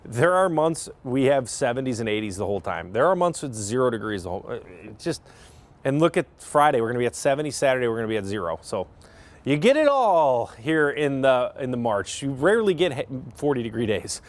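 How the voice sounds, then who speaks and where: A man's voice: mid-range voice, very animated, fairly quick. A male meteorologist giving a chatty TV weather forecast, rambling into asides and correcting himself as he goes.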